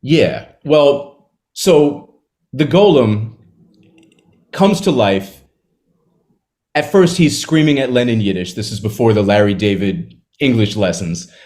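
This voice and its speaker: A man in an interview, talking casually about a book he wrote, retelling its scenes with quick asides. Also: mid-range voice, animated, darkish tone. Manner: conversational, retells scenes with quick acted quotes and laughs. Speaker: author discussing his novel.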